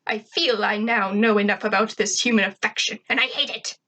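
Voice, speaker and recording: A woman voicing an arrogant male alien invader who talks in a pompous, shouting way. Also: mid-range voice, steady tone, a little fast.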